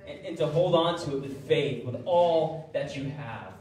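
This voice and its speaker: A man preaching a sermon as pastor, animated, acting out the voices he quotes. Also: on the high side, unhurried. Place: church sanctuary. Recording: echoey church hall from far off.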